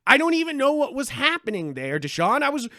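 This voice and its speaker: A man co-hosting a podcast in casual chat, animated and profane, rambling with lots of restarts. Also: very high voice, a little fast, dry recording, clean studio sound. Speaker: podcast co-host.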